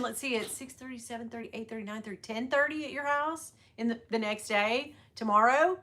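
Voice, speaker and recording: Here the bag-selling livestream host, a middle-aged woman at work on a sales floor, speaks fairly quickly in a pushed, bright voice on the high side. She rambles casually and says hello to viewers by name.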